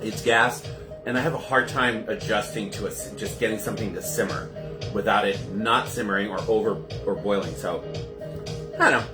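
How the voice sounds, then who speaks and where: A man's voice: lowish voice, fairly quick, reverberant, music in the background. A man hosting a casual live cocktail show from his kitchen, chatty and gushing as he greets viewers. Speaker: host of a home cocktail livestream.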